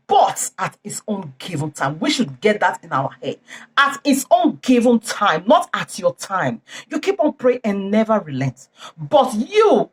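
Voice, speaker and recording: A woman preaching informally to her channel's viewers, repeating and stressing her points. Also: medium pitch. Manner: repetitive, exhorting, emphatic. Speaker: YouTube channel host.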